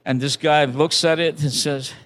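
A man's voice: on the high side, fairly even intonation, moderate pace, a bit bright, a little hiss or hum. An older man, a pastor, preaching a sermon as a conversational testimony, with restarts and acted-out quotes.

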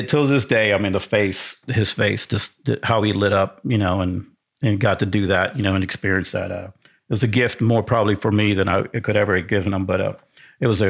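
With a lowish voice full of vocal fry, a podcast guest from Argentina who works as a sound engineer rambles through a casual story. He's enthusiastic and keeps restarting his sentences.

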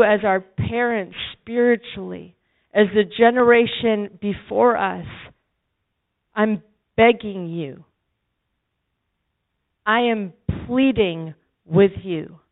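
A woman preaching a sermon in an impassioned, pleading way. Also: medium pitch. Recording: phone-like narrow sound.

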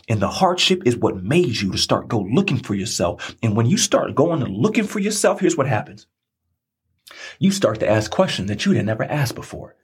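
A man telling a personal story in a preachy monologue, animated, swinging between hushed and excited. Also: mid-range voice, husky.

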